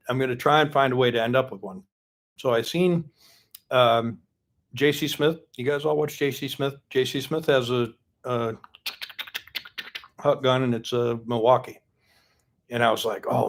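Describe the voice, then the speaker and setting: A man hosts an unplanned live stream in a loose, rambling way. He greets viewers by name and teases them, and his voice sits at an ordinary middle pitch. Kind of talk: casual live-stream chat.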